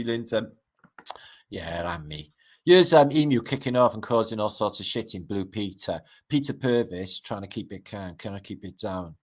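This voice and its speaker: A man's voice: lowish voice, expressive, moderate pace. A middle-aged man, rambling and swearing through a casual livestream chat as its host. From Britain.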